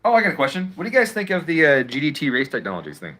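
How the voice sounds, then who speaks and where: A man's voice: fairly high pitch, huge pitch swings, racing, sharp tone. Profane, sarcastic man ranting on a livestream. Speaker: live streamer. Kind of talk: casual livestream rant. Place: at home.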